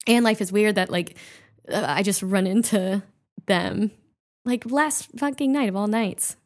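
A woman comedian chatting as a guest. She swears freely and laughs her way through an emotional story. Her voice sits in an ordinary middle pitch. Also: measured pace. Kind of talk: casual chat.

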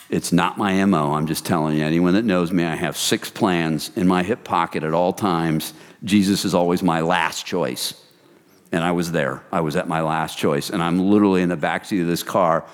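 An American man telling his testimony as a preacher, animated and addressing the room as "you guys". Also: deep voice. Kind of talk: sermon testimony. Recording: long reverb hall.

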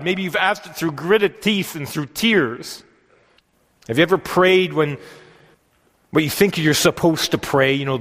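A man's voice: medium pitch, a bit bright. Earnest preacher man in a reverberant hall. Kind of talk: sermon. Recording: long hall reverb with faint music behind.

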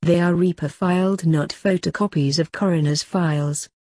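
A woman voicing a fussy, excitable male assistant who sounds indignant and exasperated. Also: lowish voice, moderate pace, no echo, clean studio sound, lightly acted.

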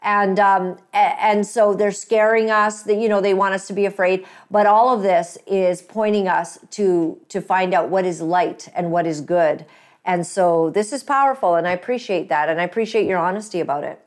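In a casual interview, a woman acting as host and interviewer speaks gratefully and effusively, with many fillers and restarts. Her pitch is medium, her intonation fairly even, and her speed normal.

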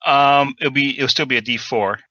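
A man's voice: medium pitch, steady tone, moderate pace, no echo. A man running a tabletop horror game as game master, hesitant, with many ums while he rules. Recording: dull lo-fi mic.

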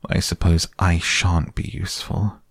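A man reading a storybook aloud, voicing a gentle, humble, slow-witted male bear. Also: low-pitched, little pitch movement, husky, dry recording, studio quality, full character voice. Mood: wistful.

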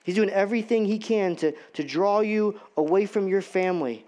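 Pastor, male, high-pitched, casual and repetitive sermon delivery. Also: moderate pace, a little mellow. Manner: conversational, repetitive, rhetorical questions.

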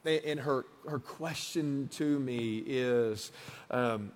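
A man in his thirties preaching a conversational sermon, moving between hushed asides and emphatic passages. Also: mid-range voice, measured pace. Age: 30s. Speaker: pastor. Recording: long hall reverb.

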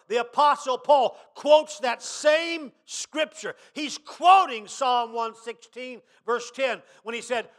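Pastor guy preaching, real high bright voice, goes quiet then shouts. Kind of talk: sermon.

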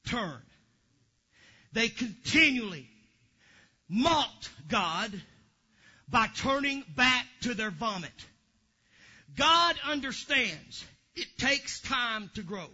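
A male pastor preaching a sermon in a church, animated and joking with the congregation, breaking into shouts, on a dull lo-fi recording. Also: very high-pitched.

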